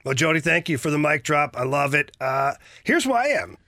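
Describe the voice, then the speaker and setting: A man hosting a sports radio show, with a bright, forceful voice pitched a little high. He jokes with his co-host and reads out listener messages. The studio sound is dry and close. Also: sing-song, brisk, no room sound. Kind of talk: sports talk radio chat.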